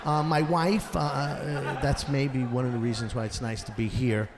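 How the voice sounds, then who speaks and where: A man does stand-up on stage in a theater or school auditorium, telling animated stories and acting out the voices of the people in them. His voice is mid-range at a normal speed, with the crowd audible. The live recording carries long hall reverb and audience noise.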